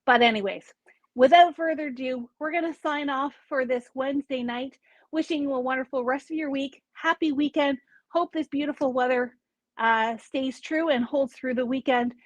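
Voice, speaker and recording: A woman's voice: sits high, moderate pace, no room sound, dull audio. A woman hosting a casual live product showcase from a craft store, chatty and upbeat, with small asides as she lists items.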